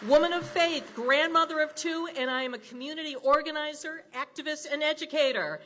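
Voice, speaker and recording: A woman's voice: high-pitched, brisk, fairly bright tone, a little hiss or hum. A retired woman in her sixties from Wisconsin giving an indignant, rousing speech at a rally. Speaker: rally speaker. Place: large indoor rally with crowd.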